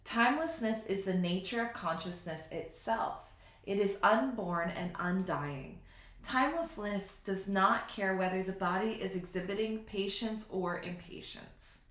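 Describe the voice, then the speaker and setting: A woman giving a slow, reflective spiritual teaching in a vlog, sometimes laughing at herself. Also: mid-range voice, a bit bright. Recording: roomy echo.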